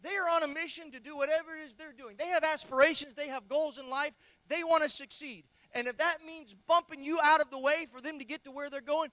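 A man preaching a sermon in an emphatic, repetitive style with folksy phrasing, swinging between loud and soft. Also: extremely high pitch, fairly even intonation, a little fast, few pauses, dry recording. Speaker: pastor.

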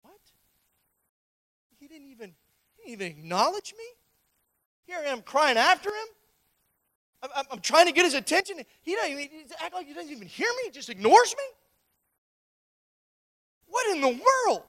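A preacher acting out a desperate mother who rushes her words and grows exasperated at being ignored. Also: high voice, big pitch swings, fairly bright tone, long reverb tail, pitched above the performer's own voice. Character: desperate mother pleading, then indignant.

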